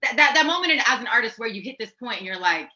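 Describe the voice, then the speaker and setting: An actress and musician chats casually as an interview guest, acting out quotes and laughing often. Her fairly high, sharp voice has lively intonation and a racing pace, and the recording's highs are cut off.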